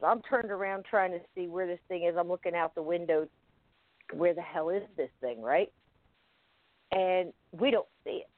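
Guest storyteller on a phone line: halting and vivid, with restarts. Dry, tinny sound. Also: mid-range voice, no room sound. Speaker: guest recounting an experience. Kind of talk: first-person storytelling in an interview.

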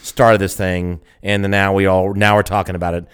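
Chill guy cohosting a podcast, low smooth voice, lots of uh and you know. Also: flat delivery. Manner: laid-back, agreeing, halting with fillers. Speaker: podcast co-host. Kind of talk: casual chat.

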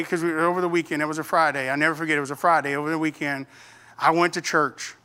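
A male pastor telling a playful, animated story to his congregation in church, talking to the people directly. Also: a little high. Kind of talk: storytelling sermon.

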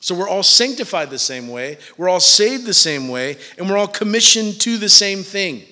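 A man's voice: high voice, sing-song, moderate pace, pushed and bright, big-room sound. A man preaching a sermon in a church, casual and joking with his listeners between points. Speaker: pastor.

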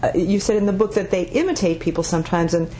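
A woman's voice: fairly low pitch, fast talker, mellow, slight background noise. A woman interviewing an author, reading passages aloud and prompting with questions. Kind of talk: conversational interview.

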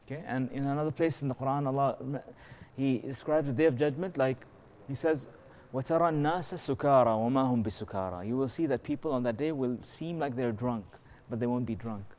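This religious teacher's mellow, mid-range voice moves briskly with few pauses as he gives a conversational lesson. He explains patiently, uses rhetorical questions, keeps checking in with his audience and recites verses in melodic Arabic.

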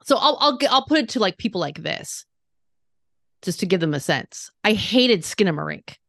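A woman's voice: medium pitch, sing-song, normal speed, gravelly, a bit bright, no room sound, studio quality. A woman guest on a podcast, chatting casually about films with frank, emphatic opinions. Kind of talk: casual movie chat.

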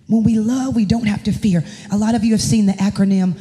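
A woman's voice: mid-range voice, steady tone, brisk, dark tone. A woman, a pastor's wife and worship leader, preaching an emphatic, impassioned sermon in a church. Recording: long echoing reverb of a church hall.

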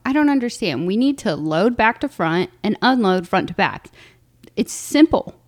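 A woman's voice: mid-range voice, big pitch swings, normal speed, no echo, clean studio sound. A young adult woman co-hosting a podcast, chatting casually and laughing often as she tells family stories. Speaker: podcast co-host. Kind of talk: casual chat.

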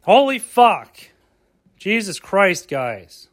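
Podcast host, male, high-pitched speaking voice, rambling and profane, fires off rhetorical questions. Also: big pitch swings, drawn-out words, fairly bright tone. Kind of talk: rambling solo podcast rant.

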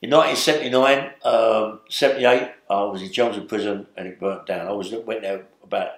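A man's voice: lowish voice, a little fast, creaky. A man in his seventies from London with a London accent, a guest telling long rambling stories and tagging his lines with "yeah?". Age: 70s. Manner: rambling, tags lines with "yeah?" and "you know what I mean?". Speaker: interview guest. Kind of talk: storytelling interview. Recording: roomy echo.

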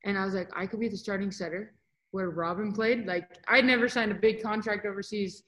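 A chatty young woman tells her stories as a podcast guest, lively and loose. She talks casually and acts out what others said to her. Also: mid-range voice, a little fast, poor audio. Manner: animated, chatty, acts out quotes. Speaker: volleyball player guest. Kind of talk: casual interview storytelling.

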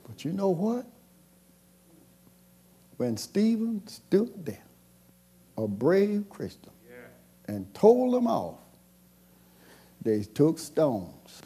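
A man preaching a sermon as pastor, moving between hushed passages and shouted calls. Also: high-pitched, wildly swooping pitch, drawn-out words, pauses often, slightly rough. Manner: call-and-response preaching, swings from soft to shouting.

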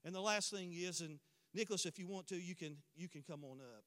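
A man preaches with fervor, his voice high-pitched and bright. He builds to emphatic declarations, and the sound rings with the long reverb of a large church hall. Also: fairly quick, clear, resonant tone. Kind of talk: sermon. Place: church sanctuary.

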